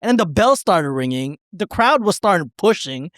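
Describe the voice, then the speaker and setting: A podcast co-host spins a rambling story, cursing, laughing and acting out dialogue. His high voice is very animated and a bit bright, at a moderate pace. The studio-quality recording is dry.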